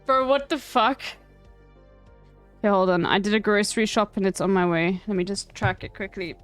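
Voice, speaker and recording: A South African woman streamer reading an article aloud in casual chat, breaking off with wry, swearing asides and halting restarts. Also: mid-range voice, soft background music.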